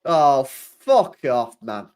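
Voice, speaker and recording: Exasperated young football streamer. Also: male voice, mid-range voice, very animated, extremely slow, a little mellow, smooth. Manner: exasperated, swearing, laughing, slangy. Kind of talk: casual stream chat.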